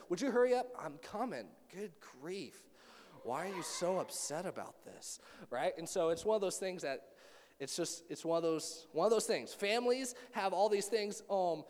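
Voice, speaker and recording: A young male youth pastor with a fairly high voice, preaching to students in a relaxed, story-driven way. He slips into other people's voices as he talks. His words carry a long reverb, as in a hall. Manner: animated storytelling, acting out family voices. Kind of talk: youth group sermon.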